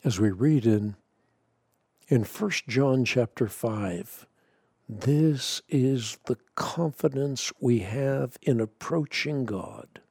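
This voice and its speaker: A man giving a scripted teaching on prayer, measured and earnest, leaning hard on key words. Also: medium pitch, gravelly, a little mellow, husky, no echo, clean studio sound. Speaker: Christian teacher.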